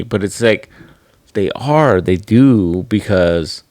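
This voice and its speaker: Deep-voiced man in candid chat. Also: expressive, slow, darkish tone, dry recording. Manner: candid, swearing, acts out quoted dialogue. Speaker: podcast co-host. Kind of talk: casual chat.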